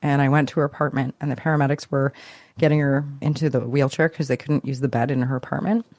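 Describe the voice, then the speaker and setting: A woman's voice: a bass voice, fairly even intonation, quick pace, darkish tone, no room sound, studio quality. A woman, a podcast guest, telling a personal story in a reflective, searching way, often restarting and trailing off.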